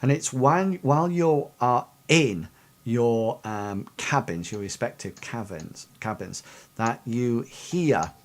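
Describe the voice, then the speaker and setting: Male game master, narrates a fantasy tabletop session, halting and rambling delivery. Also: mid-range voice, expressive. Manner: rambling, many ums and sort-of-likes.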